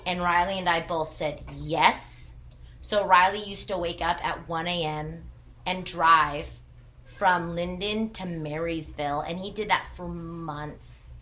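A woman's voice: fairly low pitch, fairly even intonation, slow, sharp tone. A woman in her thirties who worked in church ministry, telling a personal testimony with earnest storytelling and quoted dialogue.

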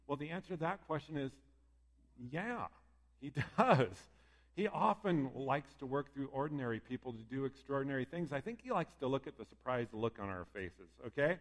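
A man preaching a sermon in a conversational, lively way, often acting out what people might say. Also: medium pitch, normal speed. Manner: lively, conversational, acts out quoted voices. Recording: long hall reverb.

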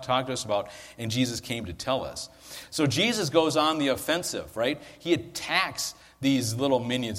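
In a big-sounding room, a pastor with a mid-range voice delivers a chatty, conversational sermon through a handheld or stand mic. He keeps checking in with the audience, asking "right?"

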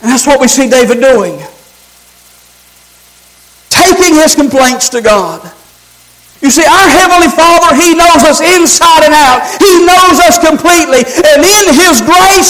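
A man preaching a sermon, calling out to the congregation and rising into shouts. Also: extremely high pitch, expressive, a little slow, rough recording.

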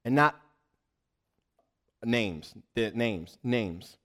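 A man preaching a sermon as pastor, animated, acting out little voices in his examples, with frequent restarts. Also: medium pitch, extremely slow.

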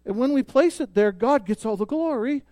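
A man preaching a sermon as pastor, emphatic, swelling loud on key points and dropping soft. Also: very high voice, animated, normal speed, no echo.

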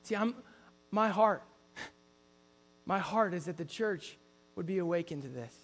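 Guy preaching in a church, pretty high voice, earnest, keeps restarting his sentences. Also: lively intonation, a little slow, fairly bright tone, long reverb tail. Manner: earnest, storytelling, frequent restarts. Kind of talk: sermon.

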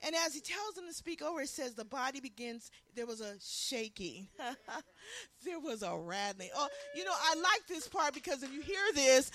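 A woman preaching a sermon with passion, swinging from loud, shouted lines to hushed ones. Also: high-pitched, animated, moderate pace.

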